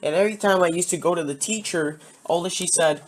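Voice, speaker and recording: Quick and high-pitched, this man tells personal stories casually and wanders as he goes. He curses frequently and can't seem to hold on to his train of thought.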